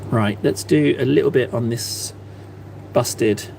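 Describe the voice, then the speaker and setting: A man's voice: medium pitch, slow, creaky, darkish tone, a little hiss or hum. A man chatting casually on a live stream, self-mocking and rambling as he paints. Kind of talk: casual livestream chat while painting.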